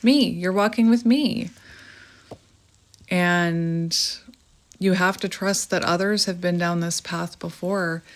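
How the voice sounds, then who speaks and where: A woman's voice: on the low side, slow, long pauses. A woman in her thirties with a Canadian accent, giving a reflective, meandering spiritual tarot reading to her viewers. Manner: gentle, reflective, meandering with fillers. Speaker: tarot reader.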